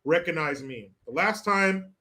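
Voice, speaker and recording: A man's voice: on the high side, animated, measured pace, bright, forceful tone. A man hosting casual commentary, crude and mocking, laughing often. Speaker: streamer host.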